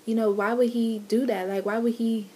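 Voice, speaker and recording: Chatty woman telling a story, slightly high voice. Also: little pitch movement, moderate pace, a little mellow, breathy edge. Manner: laughing, teasing, talks back and forth with her partner. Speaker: vlogger telling a couple's love story. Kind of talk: casual storytelling chat.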